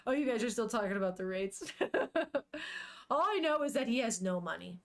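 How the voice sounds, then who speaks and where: A woman's voice: a little high, lively intonation, unhurried. A young woman on a casual live stream, reading a manga aloud, chatting with viewers, swearing freely and laughing often.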